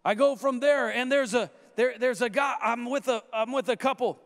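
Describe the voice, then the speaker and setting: A man, a guest minister, telling stories and prophesying in a sermon with animated, restarting delivery. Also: extremely high pitch. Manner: animated, storytelling, repeats words in quick restarts.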